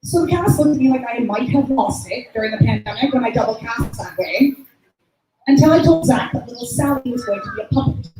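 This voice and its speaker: A woman's voice: on the high side, animated, a little fast, noisy background. A woman hosting a student recital as the drama teacher, talking in a chatty, rambling, effusive way with lots of fillers. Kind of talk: emcee remarks at a student recital. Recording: echoey room.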